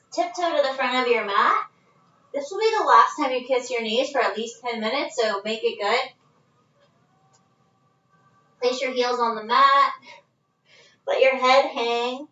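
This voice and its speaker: Teaching yoga on a live stream from her living room, this woman speaks at normal speed with a fairly high, pushed, bright voice. The distant phone gives a roomy, dull lo-fi sound. Out of breath, she stays casual and chatty, often laughing.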